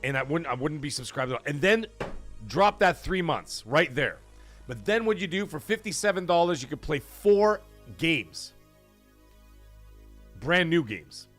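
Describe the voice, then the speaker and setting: Stream host, male, casual and animated, voice on the higher side, soft music bed. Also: a little slow, pauses often. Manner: animated, rambling, thanks chat viewers, swears. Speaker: livestream talk show host. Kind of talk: casual live-stream chat.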